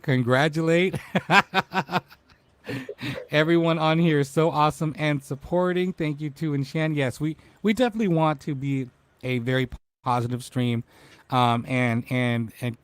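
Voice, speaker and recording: Male talk show host, upbeat, greets viewers, mid-pitched, dry close sound. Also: moderate pace, clear, resonant tone, dry recording. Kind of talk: casual livestream chat.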